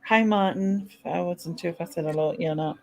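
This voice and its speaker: A woman's voice: fairly low pitch, moderate pace, darkish tone, a little hiss or hum, rough recording. A woman hosting a casual livestream chat, giggly and self-mocking. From England. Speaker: host.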